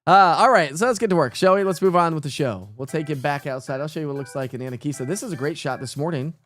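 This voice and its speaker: A middle-aged man with a drawl hosts a relaxed morning weather stream. He chats easily and calls out to his viewers one by one. His voice sits a little high, and soft music plays underneath. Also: quick pace, no room sound. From East Tennessee. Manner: chatty, greets viewers by name. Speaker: weather forecaster hosting a live morning stream. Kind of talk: casual live-stream weather chat.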